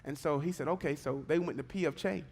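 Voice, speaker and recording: A man preaching a sermon in church, moving between relaxed storytelling and fervent exhortation. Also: a little high, fast talker, husky. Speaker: pastor. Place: church service.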